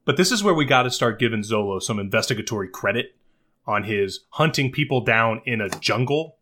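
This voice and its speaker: A man's voice: mid-range voice, animated, fairly quick, bright, forceful tone. A man co-hosting a podcast in casual chat, making wry, joking comments about a film. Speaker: podcast co-host.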